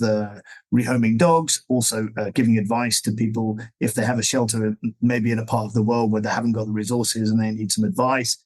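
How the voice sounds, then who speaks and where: A middle-aged man being interviewed, talking in a loose, meandering way as he explains his ideas. His voice sits at an ordinary middle pitch, and he keeps an easygoing, conversational tone throughout. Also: low-quality recording. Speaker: guest, dog trainer.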